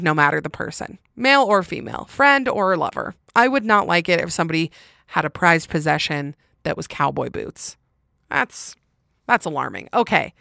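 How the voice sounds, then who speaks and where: Young woman, solo podcast host, low-pitched voice, dry close sound, chatty and opinionated. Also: gravelly, a bit bright, no room sound. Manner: chatty and opinionated, laughing often. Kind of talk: casual solo podcast chat.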